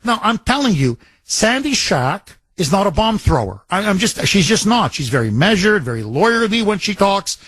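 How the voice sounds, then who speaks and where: A man's voice: high-pitched, a bit bright, slightly rough, no room sound. A man hosting a talk radio show, delivering a combative, mocking monologue.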